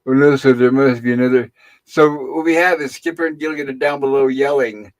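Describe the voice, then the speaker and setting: A man's voice: medium pitch, steady tone. Middle-aged man rambling through a recap. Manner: rambling retelling with pauses and fillers. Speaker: host. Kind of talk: casual episode recap on a live stream.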